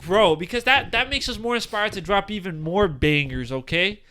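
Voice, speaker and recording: A man in his twenties co-hosting a casual podcast, rambling with lots of fillers and animated tangents. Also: sits high, moderate pace. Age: 20s. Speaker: podcast co-host.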